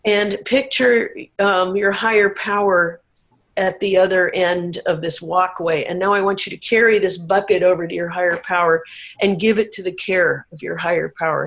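Woman guest, candid and emotional, speaking at an average pitch. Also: poor audio. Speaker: interview guest. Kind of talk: personal recovery story.

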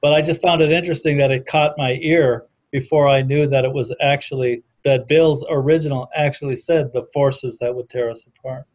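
A man appears as a discussion guest on recovery history, chatting casually and thoughtfully quoting literature from memory with frequent restarts. His mid-range voice is a little mellow, fairly even in intonation, and fairly quick with few pauses.

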